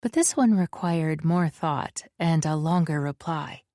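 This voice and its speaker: A woman narrates a fantasy audiobook in a slow, measured, descriptive reading. Her voice is low-pitched, and the recording is dry and close. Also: mellow, no echo. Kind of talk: scripted narration.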